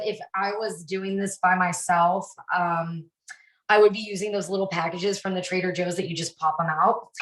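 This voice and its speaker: A woman's voice: medium pitch, fairly bright tone. A woman fitness instructor, chatting in a bubbly way while she cooks and answers viewers by name. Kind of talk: casual cooking chat on a live stream. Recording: roomy sound, mic at a distance.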